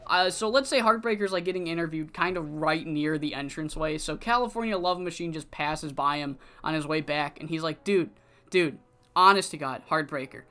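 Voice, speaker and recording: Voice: mid-range voice, fairly quick, few pauses, sharp tone, smooth. A streamer casually narrating the events of a wrestling management game, swearing now and then. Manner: casual, profane play-by-play with fillers.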